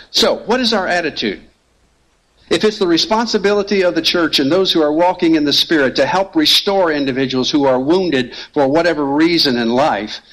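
A male pastor delivering a sermon in a fairly high voice. He speaks earnestly and emphatically, driving his points home by repeating key phrases. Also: fairly bright tone, rough recording.

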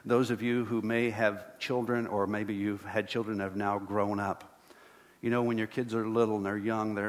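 Low-voiced pastor preaching in a hall. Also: male voice. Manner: earnest, rising to emphatic repetition. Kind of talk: sermon. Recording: long hall reverb.

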